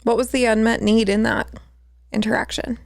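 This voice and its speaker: A woman hosting a podcast, asking probing questions and giving calm affirmations in a casual chat. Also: fairly high pitch, moderate pace, creaky, no room sound, clean studio sound. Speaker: podcast host, relationship coach.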